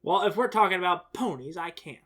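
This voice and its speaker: A man's voice: high-pitched, expressive, fairly quick, a bit bright. A man chatting casually as a reaction co-host, rambling and defensive and often restarting his sentences. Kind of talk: casual chat.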